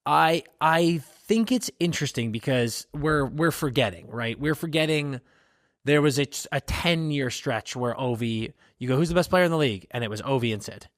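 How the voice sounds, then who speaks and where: A man co-hosting a podcast, chatting casually and profanely, tossing out rambling, animated opinions. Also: medium pitch, moderate pace, no room sound, clean studio sound. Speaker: podcast co-host. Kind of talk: casual sports chat.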